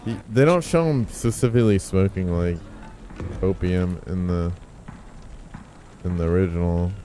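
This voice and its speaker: A man streaming a game, chatting casually in a rambling, profane, excitable way. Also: low voice, normal speed, soft background music. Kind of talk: casual gaming stream chat.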